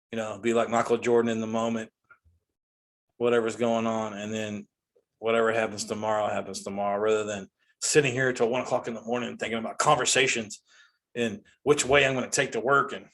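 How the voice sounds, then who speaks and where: Forties male comedy host, mid-pitched, animated exasperated rant full of restarts. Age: 40s.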